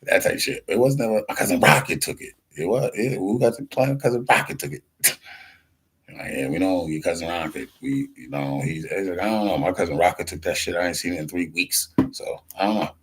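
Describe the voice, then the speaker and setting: A man's voice: deep voice, a little fast, slightly rough. A man telling rambling stories in a loose, slangy, profane monologue, acting out other people's voices and laughing often.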